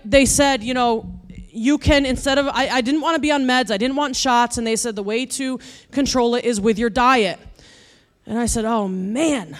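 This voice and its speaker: A woman preaching with a funny personal story, animated and building to loud exasperated rants. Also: high voice. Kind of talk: humorous sermon storytelling.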